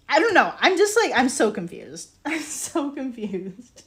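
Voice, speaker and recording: A young woman streaming while she works on ceramics, telling a story in animated casual chat with many "like"s and bursts of laughter, sounding exasperated and incredulous. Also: high voice, normal speed.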